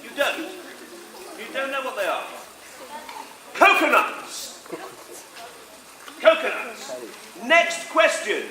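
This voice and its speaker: High-voiced man coaxing a crowd in an echoey hall. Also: sing-song, takes it slowly, long pauses, pushed and bright. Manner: theatrical, playful, coaxing. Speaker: comic performer directing audience volunteers. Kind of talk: live audience-participation comedy. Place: large indoor sports hall with a live audience.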